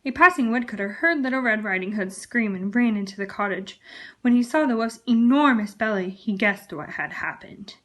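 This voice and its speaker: A woman reading a children's storybook aloud in a gentle, expressive way. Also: on the high side, moderate pace. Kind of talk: children's book read-aloud.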